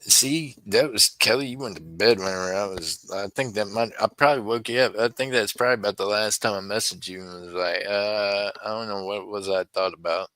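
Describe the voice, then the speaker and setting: Low-voiced chatty man. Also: a little fast, few pauses, sharp tone, no room sound, poor audio. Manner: rambling, chatty, talks to viewers by name. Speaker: livestream seller. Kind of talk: casual livestream chat.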